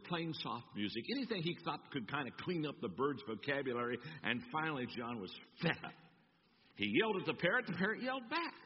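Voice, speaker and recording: A pastor preaching a sermon, telling stories and acting them out. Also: male voice, mid-range voice, a little hiss or hum. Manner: animated storytelling, acting out voices. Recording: echoey church hall, dull sound.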